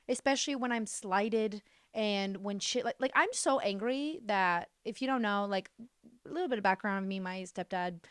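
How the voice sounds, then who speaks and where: A young woman hosts her own podcast in a loose, rambling solo monologue. She is blunt and swears freely, swinging from deadpan asides to exasperated rants, full of restarts and filler words. Her voice sits close and dry on the mic, at an ordinary middle pitch. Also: smooth, dry recording. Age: 20s. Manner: rambling with many likes and restarts. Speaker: podcast host.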